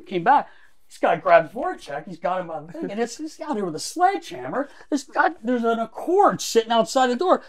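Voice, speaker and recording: A man's voice: extremely high pitch, sing-song, brisk. Man telling stories with lots of quotes. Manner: acts out other people's lines in quotes. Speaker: podcast co-host. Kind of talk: animated storytelling.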